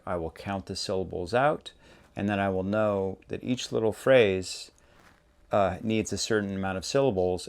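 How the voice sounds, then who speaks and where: A man hosting a songwriting lesson, explaining step by step in a relaxed, conversational way. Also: low-pitched, vocal fry. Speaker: songwriting teacher, show host. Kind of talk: casual instructional talk.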